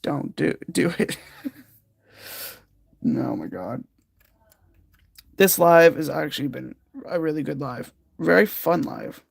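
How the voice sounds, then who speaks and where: A livestream host chats casually with viewers while working on a jigsaw puzzle, rambling and laughing along the way. The talk is slow and unhurried, with a gravelly, creaky edge. The sound is dry, with no room echo. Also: medium pitch, lively intonation. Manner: rambling and giggly, chatting with viewers.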